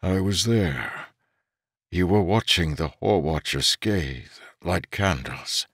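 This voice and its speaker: A gentle, solemn servant who answers his young master softly and slowly, as a man plays him. His voice sits low and unhurried. The recording is dry and close. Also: animated, husky, dry recording, heavily acted. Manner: soft, slow and measured. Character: quiet, loyal older male servant, gentle and solemn.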